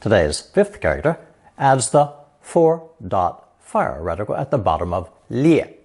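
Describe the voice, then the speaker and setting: Male teacher, lower voice, unhurried scripted lesson delivery, a bit breathy. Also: very animated, darkish tone. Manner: slow, measured explanations with example sentences read aloud. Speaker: language teacher.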